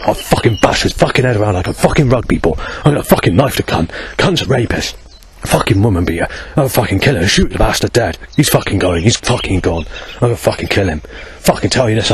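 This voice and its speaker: A man's voice: fairly low pitch, expressive, fast, slightly rough. A man putting on a posh English accent to voice an aggressive, threatening young man who swears and rants. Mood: menacing. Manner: swearing, violent ranting.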